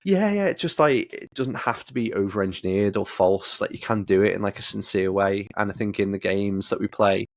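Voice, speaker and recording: A man's voice: fairly low pitch, fairly quick, hardly any pauses, dry recording, studio quality. A man hosting a casual gaming podcast, talking bluntly with plenty of swearing. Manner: blunt, swears a lot, animated rants. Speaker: podcast host.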